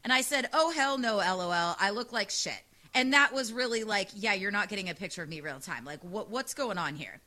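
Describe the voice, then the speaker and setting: A woman radio host with a loud, sassy, animated way of talking, telling a dating story in casual chat. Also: mid-range voice, a little fast, few pauses.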